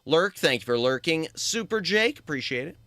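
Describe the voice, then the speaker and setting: Brief: bright, slightly high male VTuber, casual game commentary, chatty. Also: animated, moderate pace, no room sound. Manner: chatty, thinks aloud, thanks chat often. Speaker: VTuber streamer.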